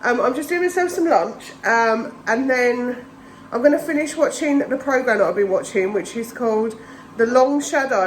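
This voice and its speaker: Middle-aged woman, slightly high voice, chatty rambling home vlog, a bit breathless, faint background noise. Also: lively intonation, moderate pace, low-quality recording. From England. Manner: chatty, rambling, talks to her cats in a high sing-song. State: slightly out of breath from a chest infection. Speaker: vlogger. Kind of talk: casual vlog chat. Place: home kitchen indoors.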